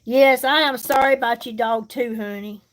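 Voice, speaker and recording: A woman with a slightly high voice and fairly even intonation chats casually with viewers at a normal speed while doing her makeup on a livestream, where she also sells products. Her manner is folksy and reassuring, with a little background noise.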